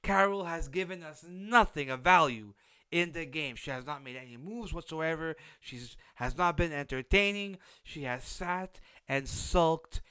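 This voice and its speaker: A man's voice: a little high, measured pace, pushed and bright, clean tone, no echo. A man hosting a podcast, giving a blunt, opinionated recap of a reality show in a casual, unsympathetic way. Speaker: podcast host.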